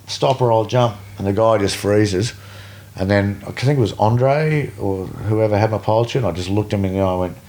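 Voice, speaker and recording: A middle-aged man with an Australian accent tells a story as a guest, animated and swearing freely, acting out the other people's voices. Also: deep voice. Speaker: guest, veteran BASE jumper. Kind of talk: casual storytelling.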